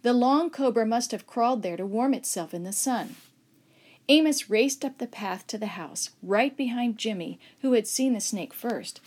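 A woman's voice: on the high side, moderate pace. Woman reading a children's story. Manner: expressive, acts out shouts and whispers. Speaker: narrator.

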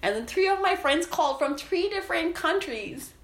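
A woman co-hosting a casual podcast, telling stories and ranting in an animated way. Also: very high-pitched, normal speed, echoey room. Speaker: podcast co-host.

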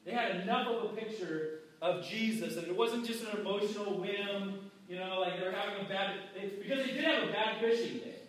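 A man preaches a sermon in a loose, conversational way and slips into the voices of the people in his story. His voice sits fairly high. He is recorded from a distance in a very echoey church hall. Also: a little fast, fairly bright tone. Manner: conversational, acts out quoted voices. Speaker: pastor. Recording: very echoey hall, mic far off.

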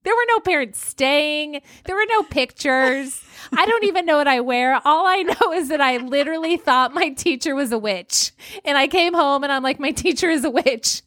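A woman in her forties co-hosting a podcast, telling a story in an animated way and laughing often. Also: high voice, normal speed, no room sound, studio quality. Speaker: podcast co-host. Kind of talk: casual chat.

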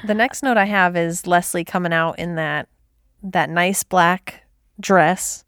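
A woman's voice: on the low side, steady tone, takes it slowly, fairly bright tone, no room sound, studio quality. A woman co-hosting a podcast, recapping scenes in a chatty way. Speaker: podcast co-host. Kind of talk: casual chat.

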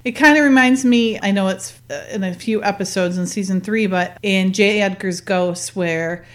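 A woman's voice: mid-range voice, normal speed. Chatty woman rewatching a show. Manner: chatty, laughs often, acts out quoted lines. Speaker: co-host. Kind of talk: casual chat.

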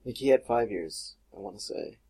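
A man's voice: mid-range voice, expressive, moderate pace, vocal fry, a loud crowd. A man hosting a casual podcast chat, rambling and laughing often, with casual swearing. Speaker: podcast host.

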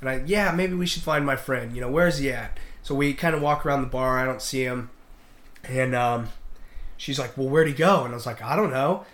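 Animated storytelling man. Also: medium pitch, brisk. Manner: animated, acts out voices in anecdotes. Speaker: podcast guest, mariner. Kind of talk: casual storytelling.

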